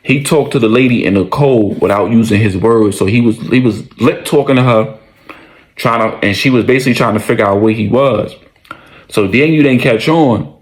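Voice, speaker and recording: A man's voice: mid-range voice, moderate pace. A man casually telling a story in slangy, profane speech, often repeating his lines for emphasis.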